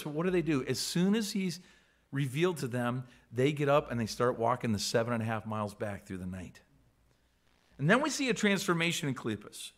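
A man's voice: mid-range voice, animated, fairly quick. A man preaching a sermon, acting out the voices of scripture figures with dramatic swings and frequent repeated words. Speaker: pastor.

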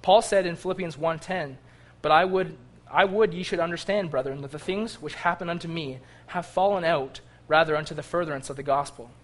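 Fervent man preaching, slightly high voice. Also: fairly quick. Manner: fervent preaching, voice rising on cries to God. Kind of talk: sermon.

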